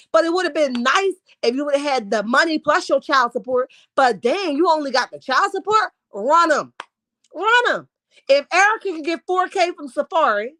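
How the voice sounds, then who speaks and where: A woman doing sassy, emphatic live-stream commentary and reading viewer comments, her voice going hoarse. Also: high-pitched, a bit bright, no room sound. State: losing her voice. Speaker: YouTube commentary host.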